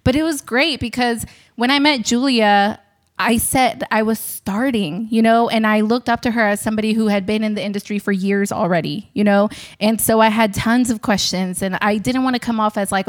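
A young woman chatting casually as a podcast host, animated and giggly, acting out quotes with big jumps in her voice. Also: on the high side, normal speed. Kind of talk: casual storytelling chat.

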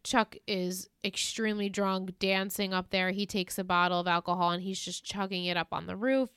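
A woman with a smooth, even voice chats casually as a podcast co-host. She retells scenes with lively energy. The sound is dry and close to the mic. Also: mid-range voice, moderate pace, dry recording. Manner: animated retelling, acts out quoted lines in exaggerated voices. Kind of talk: casual recap chat.

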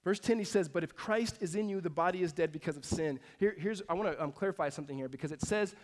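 A man in his thirties, a pastor giving a sermon in a conversational way that moves between emphatic lines and hushed ones. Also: sits high, fast talker.

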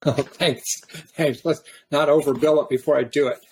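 A man hosting a podcast, talking casually and reflectively, with frequent pauses and restarts. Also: fairly high pitch, fairly even intonation, slight background noise. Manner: halting, restarts often, reflective. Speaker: podcast host.

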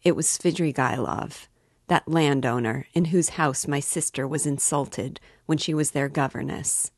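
A woman voicing a brooding, feverish young man in an audiobook reading, with a slow, uneasy, halting delivery. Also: low voice, fairly even intonation, no room sound, studio quality.

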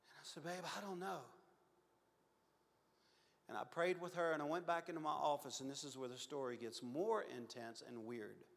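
Earnest preacher in a reverberant church. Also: male voice, mid-range voice, a little fast, vocal fry, hardly any pauses. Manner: earnest, confessional, swings from loud to hushed. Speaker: pastor. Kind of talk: sermon storytelling. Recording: long hall reverb.

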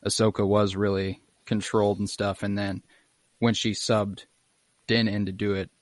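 A man's voice: fairly low pitch, flat delivery, moderate pace, no room sound. A young man casually retelling an episode in a podcast chat, acting out lines in exaggerated voices and swearing freely. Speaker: podcast co-host recapping an episode.

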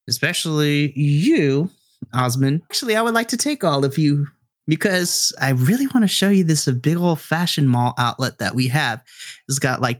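A man voicing a friendly, easily embarrassed teenage boy who talks quickly and eagerly. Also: a little high, no room sound, clean studio sound, close to an everyday voice.

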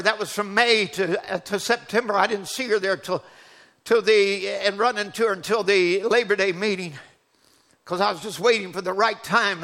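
A man's voice: sits high, pushed and bright. A man preaching a sermon, telling a personal testimony in an earnest, fervent way. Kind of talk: sermon storytelling.

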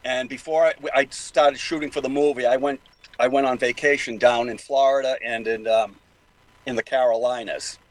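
A man's voice: mid-range voice, fairly even intonation, normal speed, poor audio. An older man with a Boston accent, talking at length as a guest in a casual interview, rambling with many fillers and restarts. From New England.

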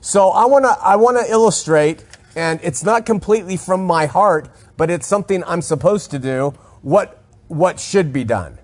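A man's voice: sits high, animated, normal speed. A man hosting a religious call-in show, talking earnestly and arguing his point with emphasis. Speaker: radio call-in show host. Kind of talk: call-in radio talk, religious commentary.

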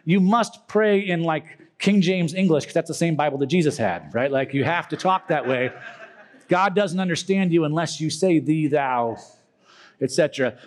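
A young man giving a casual, joking talk to a youth group, acting out silly prayer voices. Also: on the high side.

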